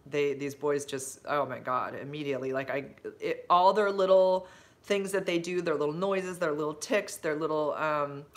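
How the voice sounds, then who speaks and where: A woman talks into her phone on a casual livestream, drifting between stories and viewer comments. She rambles, loses her thread, and fills the gaps with ums and likes. When something delights her, her voice leaps up in bright, gushing bursts. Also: deep voice, normal speed. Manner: rambling and chatty, full of fillers and side-tracks; effusive, with big bright jumps when excited. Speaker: livestreaming vlogger and substitute teacher.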